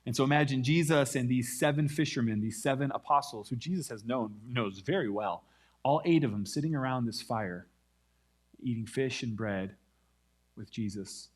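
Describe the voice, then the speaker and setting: Man preaching an animated sermon. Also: mid-range voice, normal speed. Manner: animated storytelling with acted-out quotes. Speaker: pastor.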